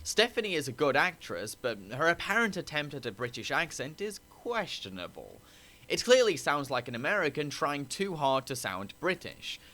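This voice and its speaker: A man's voice: fairly high pitch, sing-song, normal speed, sharp tone. A man narrating a scripted review, opinionated and critical. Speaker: anime reviewer.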